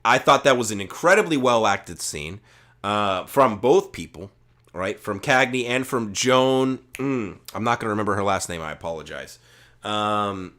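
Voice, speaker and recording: Dude rambling thru a movie review on a podcast, swears a lot, lots of ums. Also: male voice, fairly low pitch, bright, forceful tone. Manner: profane, rambling retelling with filler words. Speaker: podcast co-host. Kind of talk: casual movie review chat.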